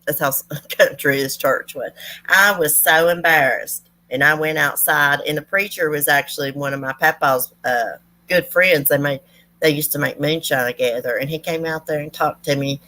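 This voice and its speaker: A woman's voice: deep voice, moderate pace, sharp tone. A woman telling folksy stories to her viewers in a chatty, rambling way. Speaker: true crime channel host. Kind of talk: casual storytelling to viewers.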